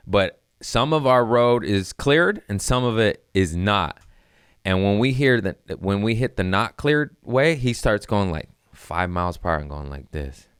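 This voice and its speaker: A young man tells a wild story in a casual, profane way. His low voice leaps around with lively swings of pitch. The sound is dry and close. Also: clear, resonant tone, no echo. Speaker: comedian podcast host.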